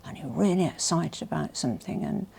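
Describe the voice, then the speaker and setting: A woman vlogger presenting a haul in a casual, gushing and emotional way, often dropping to soft whispers. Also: sits low, a little fast, vocal fry, a little hiss or hum. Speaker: fashion vlogger.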